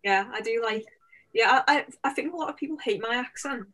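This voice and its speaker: A woman's voice: fairly high pitch, a little fast, a bit bright. A woman co-hosting a casual podcast chat, chiming in with short remarks. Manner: short interjections, laughing along.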